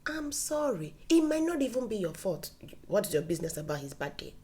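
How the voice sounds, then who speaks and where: Animated woman giving warm-hearted relationship advice. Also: fairly low pitch, quick pace. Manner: animated, dips into soft whispers for emphasis; acts out quoted dialogue in playful voices. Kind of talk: casual advice talk to camera.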